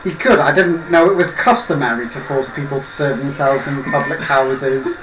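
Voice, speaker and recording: A man's voice: mid-range voice, normal speed. A man playing a tabletop role-play game, switching between casual chat and a prim, overly formal character voice. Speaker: player. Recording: echoey room with background noise.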